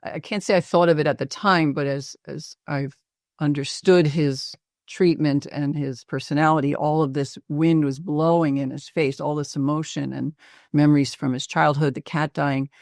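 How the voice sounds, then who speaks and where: A woman's voice: deep voice, steady tone, normal speed, a little mellow, no echo, clean studio sound. Reflective woman psychiatrist telling a case. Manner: reflective storytelling with frequent fillers. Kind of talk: recounting a patient case.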